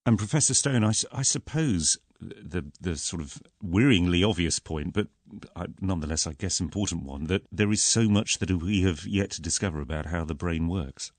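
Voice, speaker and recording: A man's voice: low voice, moderate pace, no room sound. A man presenting a radio interview, asking hesitant, searching questions with many restarts.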